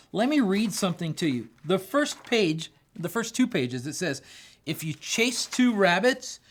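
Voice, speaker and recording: An enthusiastic man hosts his own business podcast, speaking straight to his listeners in a casual, upbeat way. His voice sits high for a man, and he slips into lively little voices when he acts out conversations. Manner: acts out quoted dialogue in animated voices. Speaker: podcast host. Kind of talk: solo business podcast talk.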